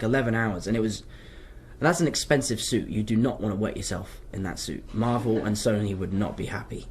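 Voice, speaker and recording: A young Londoner with an English accent and a mid-range, slightly rough voice answers fan questions in a casual live Q&A. He's chatty and rambling, frequently drifting off track.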